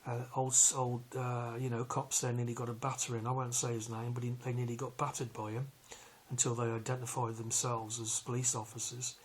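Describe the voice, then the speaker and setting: A man, telling a long personal story in a rambling, halting way with many fillers. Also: mid-range voice, flat delivery, a little hiss or hum. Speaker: vlogger recounting a police arrest. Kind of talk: casual storytelling.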